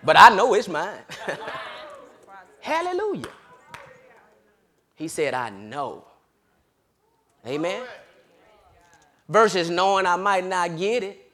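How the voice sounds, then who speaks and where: A man preaching a sermon, swinging between loud hollering and low murmurs and laughing often. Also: sing-song, slow pace, long pauses.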